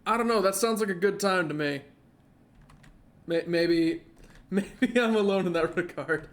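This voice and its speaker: A man streaming a game, giving excitable, joking commentary and laughing often. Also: high-pitched, a little slow, pauses often. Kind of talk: casual gameplay commentary.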